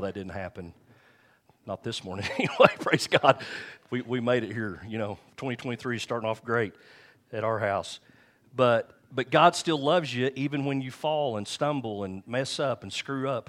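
A middle-aged pastor, preaching a sermon in a conversational way, with asides and repeated phrases. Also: male voice, medium pitch.

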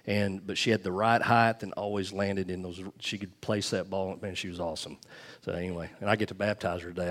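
A middle-aged male pastor, speaking from a church platform into a handheld mic in a folksy, rambling way with restarts and chuckles. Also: on the low side. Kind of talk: casual church talk before baptisms. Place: church sanctuary. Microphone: handheld microphone.

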